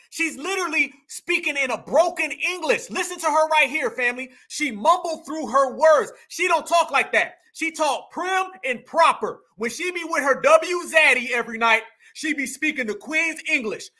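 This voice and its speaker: A man's voice: very high voice, lively intonation, moderate pace, few pauses, bright, forceful tone. A man doing heated reaction commentary, mocking the clip he plays and repeating his phrases for emphasis. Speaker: online political commentator.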